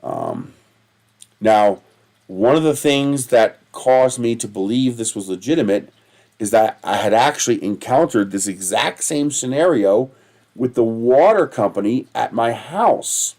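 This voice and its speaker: Man, livestream host, rambling casual talk, profane, laughs at his own stories, mid-pitched voice. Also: sing-song, a little slow, a little mellow.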